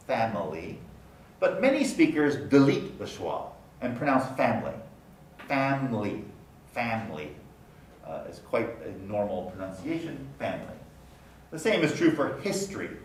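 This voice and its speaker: A man giving a university lecture, explaining step by step and slowly repeating example words. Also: medium pitch, far from the mic. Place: lecture room. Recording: roomy sound from off the mic, faint noise.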